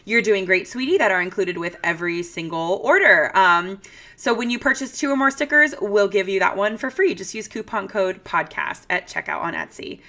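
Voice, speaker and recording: A woman in her thirties hosting a comedic solo podcast, ranting in a sassy, exaggerated way with sudden hushed asides. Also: mid-range voice, animated, moderate pace. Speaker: podcast host.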